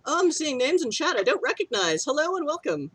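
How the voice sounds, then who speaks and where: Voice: sits high, very animated, a little fast, a bit bright, dry recording. A game master hosting a streamed tabletop game, chatty and a bit scattered. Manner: chatty, scattered, laughing asides.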